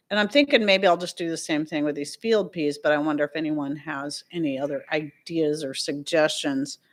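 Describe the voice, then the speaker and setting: Chatty woman hosting a home livestream. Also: low-pitched. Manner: chatty, laughs often, rambling asides. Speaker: livestream host. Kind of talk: casual livestream chat.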